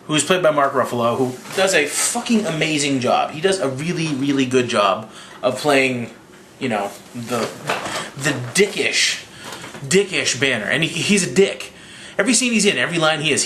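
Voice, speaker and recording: A slightly drunk young man rambling through a profane, casual movie recap with quick impressions. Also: medium pitch, sharp tone, roomy sound, slight background noise. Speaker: movie reviewer.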